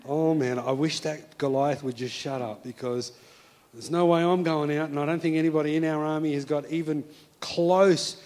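A man doing hushed frightened soldiers. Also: fairly high pitch, fairly even intonation, moderate pace, big-room sound, voice pushed down, close to an everyday voice. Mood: fearful. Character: frightened male soldiers, despairing.

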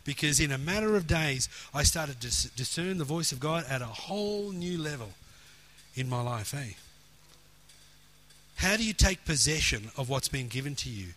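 A middle-aged man preaching a sermon, telling stories with earnest emphasis and dropping soft for quoted prayer. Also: on the high side.

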